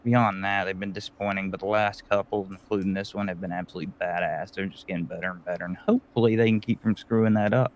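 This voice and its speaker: Male co-host, low resonant voice, rambling and enthusiastic, swears casually. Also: fairly even intonation, quick pace, hardly any pauses. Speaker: podcast co-host. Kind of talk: casual chat.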